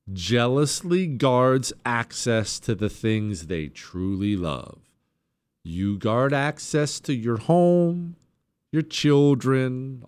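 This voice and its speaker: A man's voice: medium pitch, a little mellow, clear, resonant tone. A man hosting a political talk radio show, delivering an emphatic, sarcastic monologue.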